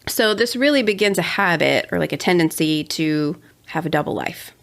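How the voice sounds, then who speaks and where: A woman's voice: fairly low pitch, expressive, normal speed, gravelly, fairly bright tone. A young adult woman co-hosting a casual true-crime podcast, chatty with sarcastic asides. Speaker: podcast co-host.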